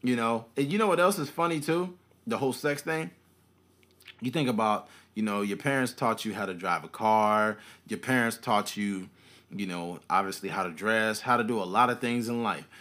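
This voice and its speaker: A man's voice: lowish voice, moderate pace. A young man, a podcast co-host, chatting casually and acting out the people in his stories. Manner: animated storyteller, acts out quotes. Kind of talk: casual chat.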